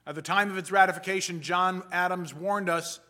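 Earnest man preaching, bright voice. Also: sits high, steady tone. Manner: measured, earnest delivery that slows for emphasis. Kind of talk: sermon.

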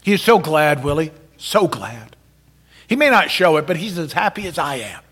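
A tender, loving mother who speaks softly and sometimes drops to a hush, as a man reading the story gives her voice. Her warmth carries through a gentle storybook reading. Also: on the high side, sing-song, normal speed, breathy edge, full character voice. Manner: soft, tender, at times hushed.

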